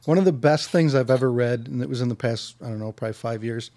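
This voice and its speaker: A man hosting a casual podcast interview, talking in a relaxed, reflective way. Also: mid-range voice, quick pace, slight background noise. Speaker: podcast host.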